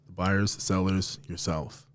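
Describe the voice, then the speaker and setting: A man's voice: sits low, fairly even intonation, a little slow. Blunt, swearing man on a podcast. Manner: blunt, heavy swearing, emphatic. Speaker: podcast host. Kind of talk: casual podcast chat.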